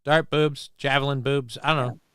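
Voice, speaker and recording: A man's voice: medium pitch, flat delivery, normal speed, clear, resonant tone, no room sound, studio quality. Jokey male livestream host riffing. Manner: jokey, riffs loudly on viewer comments, rambling. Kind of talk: casual chat reading live chat.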